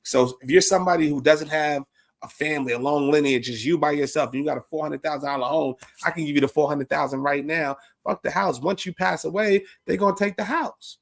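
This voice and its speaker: Gravelly, quick-talking profane man. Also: on the high side. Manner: profane, laughing street storytelling. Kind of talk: casual podcast conversation.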